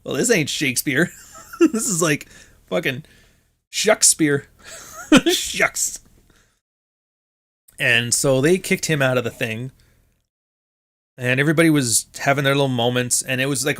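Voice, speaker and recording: A man's voice: medium pitch, a bit bright. A man hosting his podcast, telling a story in a casual monologue, swearing freely, laughing often and acting out what others said. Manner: profane, sardonic, laughs often, acts out quotes. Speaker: podcast host.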